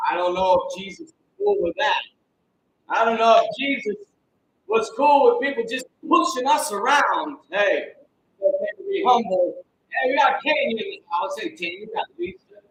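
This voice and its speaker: Energetic high-voiced American man live-streaming. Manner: energetic, greets viewers by name, preacher-like exclamations. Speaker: host of a live-streamed Christian show. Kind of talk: live-stream chat and preaching. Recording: echoey room with faint noise.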